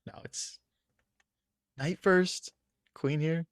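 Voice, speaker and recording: A man's voice: fairly high pitch, steady tone, very slow, dry recording. Young male chess streamer, casual thinking-aloud commentary, slightly strained voice, dry close sound. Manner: thinks aloud, chatty, addresses chat as guys. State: losing his voice.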